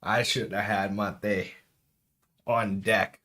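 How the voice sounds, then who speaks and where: A man's voice: lowish voice, measured pace, pauses often, a bit bright. A man streaming casually at home, chatting through a food tasting and dropping in Spanish words.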